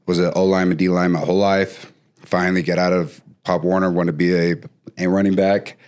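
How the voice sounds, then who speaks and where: A man talking as a podcast guest, telling stories casually with lively bursts and frequent restarts. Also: deep voice, quick pace, clean tone. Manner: animated, trails off and restarts often. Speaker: podcast guest, former pro football player. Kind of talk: casual storytelling.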